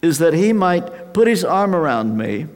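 An older man preaching a sermon, slow and emphatic with dramatic pauses. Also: fairly high pitch, big pitch swings. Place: large hall with an audience. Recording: reverberant hall sound.

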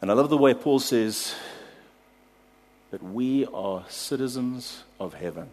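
South African man preaching, husky voice. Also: mid-range voice, slow. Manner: animated storytelling, laughs at own anecdotes. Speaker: pastor. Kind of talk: sermon with personal story.

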